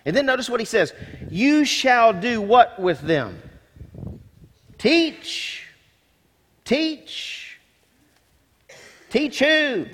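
A man's voice: extremely high pitch, big pitch swings, unhurried, a bit bright, husky. A male senior pastor preaching a sermon in a church, emphatic, repeating key words and asking rhetorical questions. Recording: long hall reverb.

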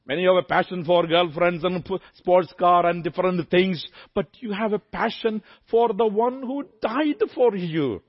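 High-voiced emphatic preacher man. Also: measured pace, dull audio. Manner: emphatic, repetitive, swings from soft to loud. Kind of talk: sermon.

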